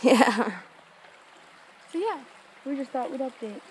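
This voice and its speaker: A young woman with a high voice tells a story in quick, excited chat. She sits outdoors on a rock, and faint stream noise runs under her handheld recording. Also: poor audio. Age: young adult. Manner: excited, chatty, acts out quotes. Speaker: vlogger. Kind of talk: casual storytelling.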